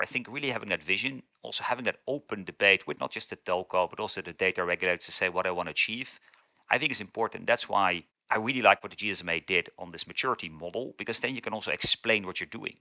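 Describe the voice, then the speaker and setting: A man's voice: on the low side, creaky, sharp tone, no room sound. A man, a consulting partner, giving a business interview and laying out steps one by one. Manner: structured, lists steps methodically.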